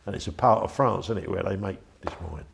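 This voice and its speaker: A man's voice: sits low, fairly quick, gravelly. An older man, chatty and rambling as he tells anecdotes in an interview. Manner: rambling, chatty, with frequent restarts. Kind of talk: anecdotal storytelling.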